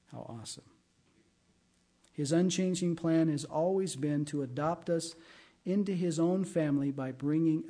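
Mellow-voiced middle-aged man preaching. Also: on the high side. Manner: conversational preaching with personal anecdotes. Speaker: pastor. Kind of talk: sermon.

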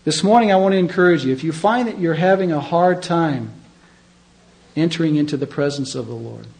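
A middle-aged pastor delivers a sermon in a somewhat high voice for a man. He keeps a casual, conversational tone and leans hard on key words. He keeps throwing questions out to the congregation. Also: brisk, creaky, darkish tone, rough recording. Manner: conversational, emphatic preaching with rhetorical questions.

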